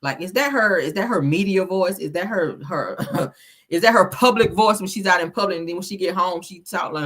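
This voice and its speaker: A woman's voice: fairly low pitch, sing-song, a little fast, a bit bright, husky. A woman hosting a gossip livestream, sassy and chatty, calling her viewers honey and child. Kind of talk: casual gossip commentary.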